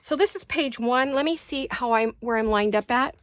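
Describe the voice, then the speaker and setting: A woman's voice: fairly high pitch, moderate pace, dry recording. A woman hosting a crafting video in her home studio, chatting casually and gushing over each page with repeated words of praise. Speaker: crafting channel host. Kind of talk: casual show-and-tell chat.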